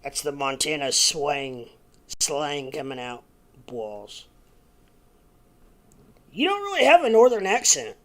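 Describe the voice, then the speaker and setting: A man's voice: fairly high pitch, very animated, slow, pauses often. A man from Chicago joining a casual stream as a joking friend. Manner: joking, laughing sidekick.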